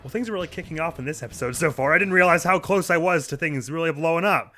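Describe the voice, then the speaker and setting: A man's voice: on the high side, quick pace, bright, forceful tone, soft background music. A man hosting a let's play, chatting casually about the game between reading its characters. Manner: chatty, reads all the voices. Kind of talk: casual gameplay commentary.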